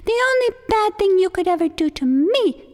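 Tiny lost boy turtle played by a woman, squeaky high, wailing, stubborn, storybook telling, reverberant hall. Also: expressive, moderate pace. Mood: defiant. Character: tiny lost young male turtle, tearful but stubborn.

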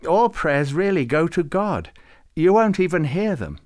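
A man's voice: fairly high pitch, very animated, a little slow, a little mellow, no echo, clean studio sound, pitched above the performer's own voice. A man voicing a solemn old male saint who leads a council, speaking in a stately, intoning way in a storybook reading. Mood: kindly. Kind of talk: storybook character voice.

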